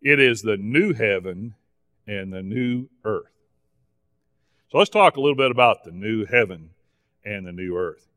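A man's voice: on the low side, lively intonation, measured pace, pauses often, fairly bright tone. A man teaching a Bible class at church in a folksy, teasing way, recorded in the church hall. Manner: folksy, playful sarcasm with the class.

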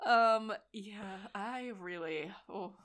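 Bright-voiced woman, sarcastic film chat. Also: medium pitch, extremely slow. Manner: animated, sarcastic, laughs often. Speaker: podcast co-host. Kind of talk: casual film review chat.

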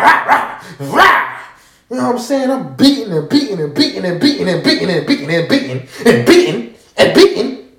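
A man casually telling a story straight to his listeners, animated and profane, often checking that they follow him. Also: sits high, slight background noise. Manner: animated, profane, keeps asking listeners to agree. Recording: roomy echo.

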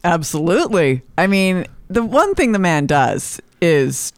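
A female radio co-host who chimes in with quick, bouncy remarks. Her voice swings widely in pitch, recorded dry and close in a studio. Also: no room sound. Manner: lively, laughing, quick interjections.

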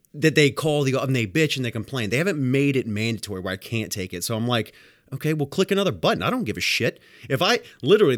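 A man's voice: mid-range voice, no echo, studio quality. A man who works as a home health nurse tells work stories in a casual, blunt, profane rant. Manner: animated, acts out dialogue in other voices. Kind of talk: casual storytelling monologue.

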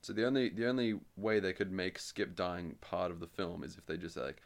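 A young man with a fairly low voice trades dry, deadpan jokes while co-hosting a casual film podcast. He drops his quips in an understated, offhand way. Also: a little fast, creaky. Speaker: podcast co-host. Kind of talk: casual film review chat.

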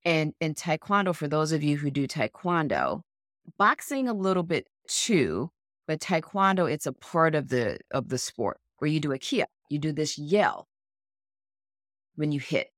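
A woman's voice: low-pitched, lively intonation, measured pace, no echo, studio quality. A woman co-hosting a podcast in an earnest, encouraging coaching tone. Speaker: podcast co-host. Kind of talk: motivational casual chat.

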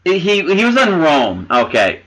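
A man in casual chat reviewing a film with friends, animated, swearing and laughing while he hunts for names. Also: on the high side, a little slow, rough recording. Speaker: podcast co-host reviewing a film.

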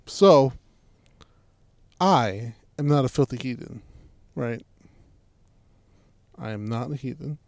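A man in a loose, foul-mouthed podcast chat, cracking jokes and riffing with his co-host. His voice sits at an ordinary middle pitch. The sound is dry and close. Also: slow, creaky, long pauses, darkish tone, no room sound. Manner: profane, joking, mock voices. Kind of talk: crude casual chat.

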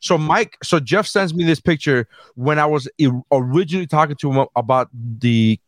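A man co-hosting a casual podcast, telling stories in an animated way and swearing freely. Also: on the high side, normal speed, no room sound. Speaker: podcast co-host.

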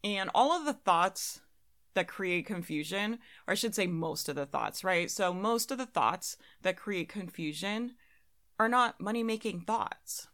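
Bright-voiced woman coaching entrepreneurs. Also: medium pitch, animated, a little slow. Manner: conversational, laughs at her own examples. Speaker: business coach. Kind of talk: casual monologue.

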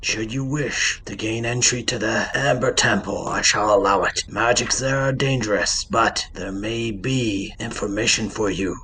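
Man with a bright, formal game-master voice. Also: on the low side, a little hiss or hum, rough recording. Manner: formal, solemn delivery as a non-player character. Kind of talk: narrating and voicing a tabletop game.

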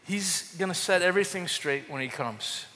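A man's voice: high voice, expressive, normal speed, sharp tone. A man preaching a sermon as pastor, impassioned, with repeated words and rising calls to the congregation. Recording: long hall reverb.

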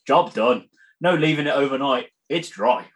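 A man's voice: medium pitch, moderate pace. A man co-hosting a podcast in casual chat, laid-back and wry, laughing easily. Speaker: podcast co-host.

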